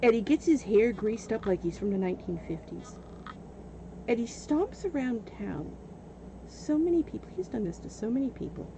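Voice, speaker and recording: Animated woman with a lively, mellow voice. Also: fairly high pitch, slight background noise, poor audio. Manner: animated, breaks into laughter often. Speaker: livestreamer. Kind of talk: casual storytelling while gaming.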